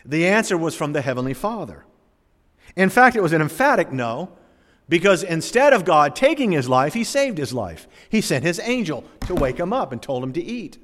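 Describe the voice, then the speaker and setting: A man delivers a sermon from the pulpit, his voice sitting a little high. He swings between forceful emphasis and hushed drops. The sound trails off in a long church reverb. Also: big pitch swings, moderate pace. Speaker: pastor. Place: church sanctuary.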